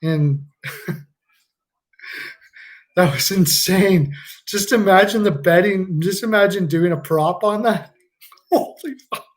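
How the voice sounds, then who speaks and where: A man's voice: high-pitched, slow, long pauses. A man hosting a live stream, reacting casually to a hockey game. He jokes, laughs a lot and swears freely.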